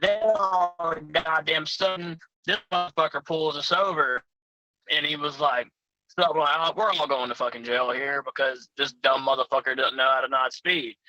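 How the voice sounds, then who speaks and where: A man's voice: on the high side, steady tone, moderate pace, sharp tone, no echo, rough recording. A man telling profane, rowdy road stories in a casual chat as a guest. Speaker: pro wrestler guest.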